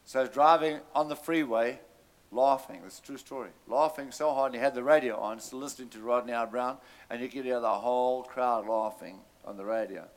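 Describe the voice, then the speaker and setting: A man's voice: mid-range voice, a little fast. Storytelling male preacher. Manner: animated storyteller, calls out to congregation. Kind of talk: sermon storytelling.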